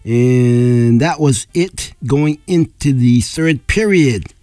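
A male local radio announcer losing his voice, reading sports scores on air in plain, unhurried fashion, clearing his throat now and then. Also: medium pitch, dark tone, dry recording. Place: radio studio.

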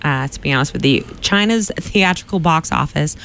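A chatty man co-hosting a loose news talk show, his voice smooth and clear and pitched a little high. He laughs often and drifts off into fillers mid-thought. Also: normal speed, a bit bright. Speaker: co-host. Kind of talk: casual news chat.

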